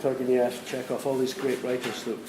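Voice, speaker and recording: A man, a writer, answering questions at a university event, talking hesitantly with pauses. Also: medium pitch, flat delivery. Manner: hesitant, with many fillers and restarts. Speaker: guest writer. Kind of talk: literary conversation at a public event. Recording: echoey room with faint noise.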